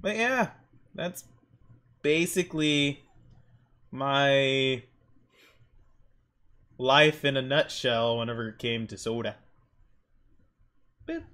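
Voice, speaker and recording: A young man telling rambling stories while drawing on a stream, jumping into high squeaky voices for emphasis. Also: slow, pauses often, pushed and bright.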